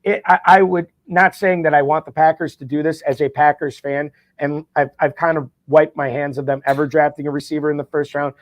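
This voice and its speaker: A man chats as a podcast guest, his voice sitting fairly high. He talks eagerly, often stumbling and restarting mid-sentence. The sound is dry and close, with no room around it. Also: fairly even intonation, a little fast, few pauses, dry recording. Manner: eager, with frequent stammered restarts. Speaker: guest, fantasy football champion. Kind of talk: casual podcast chat.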